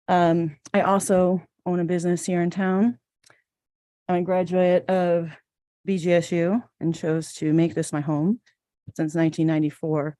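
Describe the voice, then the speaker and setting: A woman's voice: fairly low pitch, warm tone. A woman in her forties giving an earnest, emotional public comment at a city council meeting. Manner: earnest, emotional, a little choked up.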